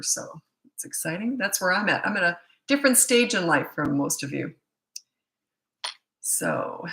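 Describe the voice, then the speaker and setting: Woman in her sixties, from Canada, bright forceful voice, rambling live-stream chat, echoey room. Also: fairly low pitch, creaky, slight background noise. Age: 60s. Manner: chatty, rambling, with frequent fillers and self-corrections. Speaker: parenting coach hosting a live stream. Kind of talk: casual live-stream chat reading viewer comments.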